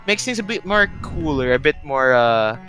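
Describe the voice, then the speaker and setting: A man's voice: fairly high pitch, animated, moderate pace, pushed and bright, faint music behind, rough recording. A man narrating as game master, rambling and correcting himself as he describes scenes.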